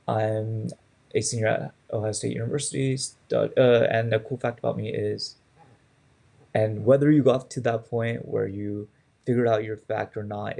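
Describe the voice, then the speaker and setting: This public speaking instructor, a young man in his twenties, keeps things conversational and frequently asks "right?". His medium-pitched voice is gravelly, dark, and slightly rough.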